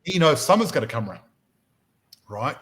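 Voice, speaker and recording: A man's voice: medium pitch, normal speed, low-quality recording. A man hosting a motivational podcast, talking energetically and often restarting his sentences as he tells stories. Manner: energetic, repeats words when starting sentences, storytelling. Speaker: podcast host and property mentor.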